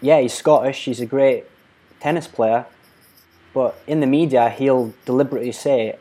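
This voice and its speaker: A man interviewing a guest in relaxed conversation, his voice mellow and warm at a middle pitch. He tells stories and acts out the people he quotes. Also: moderate pace. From Newcastle, England. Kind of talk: casual interview chat.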